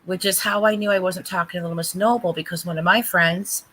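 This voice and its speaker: A woman chatting on a livestream, retelling a tense story with animated, emphatic delivery. Her voice is bright and forceful, and it sits a little low. She quotes the other people in her story with lively energy. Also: fast, poor audio. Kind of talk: casual livestream chat.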